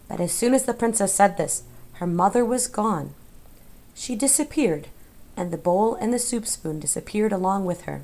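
A woman narrating a children's novel as an audiobook in a measured, expressive way. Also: mid-range voice. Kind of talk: scripted storybook narration.

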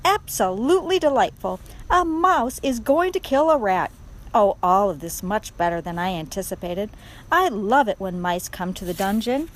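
Woman putting on a loud, gloating, villainous old rat. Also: mid-range voice, normal speed, natural voice, poor audio. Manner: loud, mocking, theatrical. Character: gleeful cruel old male dungeon rat.

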